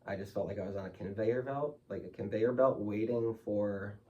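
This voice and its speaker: A man's voice: lowish voice, normal speed, a little mellow, distant mic, muffled recording. A man speaking as a guest in an interview, telling his story candidly and emotionally, loose with fillers like "like" and "you know".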